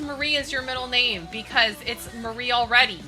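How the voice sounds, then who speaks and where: A woman's voice: on the high side, a little fast, over music. A young woman streaming live, chatting casually, swearing freely and apologizing as she fiddles with her settings.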